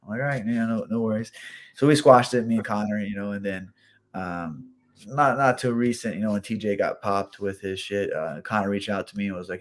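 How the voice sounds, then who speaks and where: A man's voice: on the low side, brisk. A man in his thirties, a fighter guesting on a radio show, telling stories casually with many restarts and repeated words. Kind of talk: casual interview chat.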